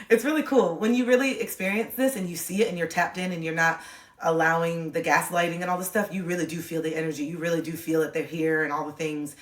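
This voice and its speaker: A woman's voice: fairly low pitch, fairly even intonation, fairly quick, recorded from a distance. A woman hosting a casual livestream, rambling and confiding, full of "like" fillers. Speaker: livestream host. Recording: echoey room, voice a bit off-mic.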